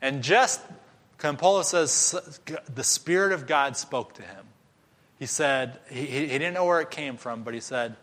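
A man preaching a sermon, telling a story with animated voices for each character. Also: mid-range voice, a little slow. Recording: long hall reverb.

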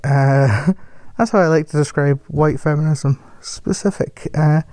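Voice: mid-range voice, steady tone, unhurried, a little mellow, no echo. A person chatting casually about a film, rambling, correcting themselves and laughing often. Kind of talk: casual film review chat.

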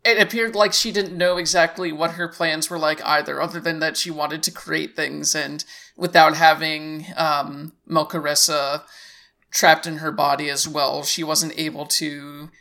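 Co-host with a bright voice, calm and explanatory. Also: mid-range voice, a little slow, vocal fry. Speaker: podcast co-host. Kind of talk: casual chat.

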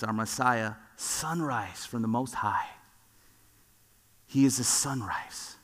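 A man's voice: medium pitch, a bit bright. A man preaching a sermon, retelling scripture stories with rising fervor. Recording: long reverb with music behind.

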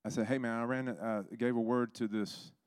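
A man's voice: medium pitch, fairly even intonation, normal speed, clean tone, no room sound, studio quality. A man preaching a sermon, telling stories and acting out the voices in them. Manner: storytelling, acts out quoted voices.

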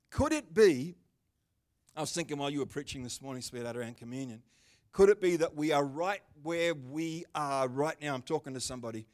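A man preaching a sermon in a church service, animated and bursting out loud at times, with chatty, joking asides to people in the congregation. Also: fairly high pitch, a little fast. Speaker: pastor.

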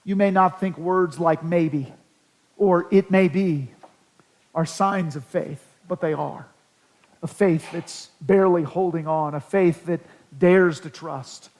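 Pastor, male, high-pitched, earnest sermon delivery with scripture reading. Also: slow pace, a little mellow, low-quality recording. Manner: earnest preaching, reads scripture aloud, dramatic rises for quoted pleas.

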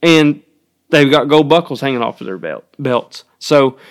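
A man chatting casually as a podcast guest, rough-edged and joking, with slangy speech. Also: medium pitch, lively intonation, moderate pace. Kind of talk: casual chat.

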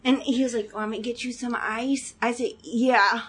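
Thirties mom telling a story, easygoing, laughs a lot while talking. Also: female voice, a little high, steady tone, normal speed, fairly bright tone, slightly rough. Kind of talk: casual storytelling chat.

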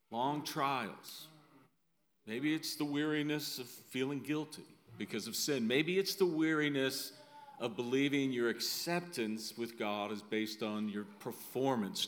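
A man's voice: medium pitch, fairly bright tone. A middle-aged male pastor preaching a sermon in a conversational way, often adding "right?" asides.

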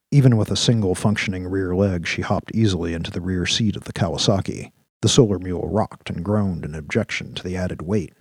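A male narrator reading a science-fiction audio drama in a steady, measured storytelling voice. His tone is deep and husky, recorded dry and close. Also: no room sound.

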